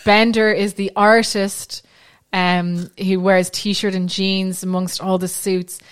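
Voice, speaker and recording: A woman's voice: mid-range voice, flat delivery, slow, smooth. A woman podcast host telling a true crime story in a chatty way, with frequent ums and restarts. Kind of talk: casual storytelling chat.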